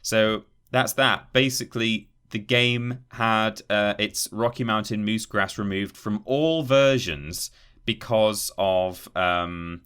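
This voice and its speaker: A man co-hosts a casual gaming podcast, reading the news aloud and tripping over the odd word. His voice sits a little low but comes across very bright and sharp. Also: takes it slowly, clean tone. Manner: reads news aloud, stumbles and laughs at words. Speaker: podcast co-host.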